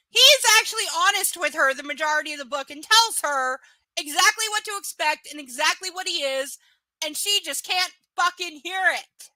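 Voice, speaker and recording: A woman's voice: very high-pitched, normal speed, pushed and bright, no room sound. A woman reading a novel aloud live and breaking off into sarcastic, profane rants about it. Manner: sarcastic, profane, exasperated asides. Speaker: live book reader. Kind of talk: live reading with ranting commentary.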